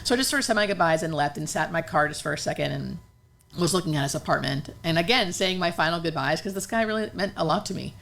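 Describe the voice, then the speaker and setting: A woman's voice: deep voice, animated, fast talker, creaky, a bit bright. A woman hospice nurse earnestly telling a personal story in conversation, emotional and full of fillers.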